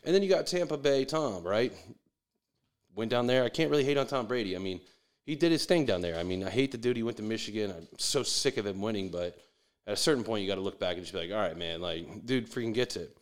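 A man's voice: lowish voice, expressive, fast talker. A man delivering a profane, sarcastic sports rant with mocking asides.

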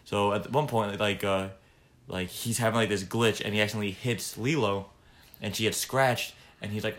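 Low-voiced man telling stories, rambling. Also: normal speed. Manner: rambling, animated storytelling with many fillers. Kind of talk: casual chat.

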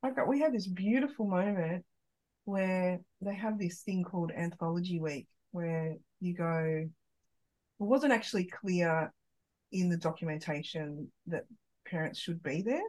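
A woman's voice: fairly low pitch, a little slow, a little mellow, rough recording. A middle-aged woman, a podcast guest, telling an open, emotional personal story in casual conversation, with many restarts.

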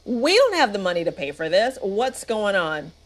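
A woman's voice: medium pitch, very animated, moderate pace. A woman voicing an exasperated wife, scolding and incredulous while retelling a movie scene. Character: exasperated wife of a drunk husband.

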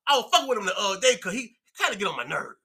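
A rowdy man talks on a podcast in a high, bouncing voice that swings all over. His tone is very bright and strained, with a husky edge. He swears freely and breaks into laughter often. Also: sing-song, rapid-fire. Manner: boisterous, profane, laughs often. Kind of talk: casual chat.

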